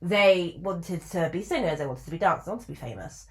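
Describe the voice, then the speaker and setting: Chatty, animated woman storyteller. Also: a little fast. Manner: chatty and animated, with sudden jumps in pitch for emphasis; many fillers and asides. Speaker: video creator. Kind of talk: casual storytelling to camera.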